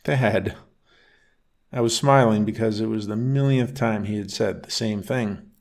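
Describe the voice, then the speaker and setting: A man narrating a first-person bedtime story in a calm, unhurried reading voice. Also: lowish voice.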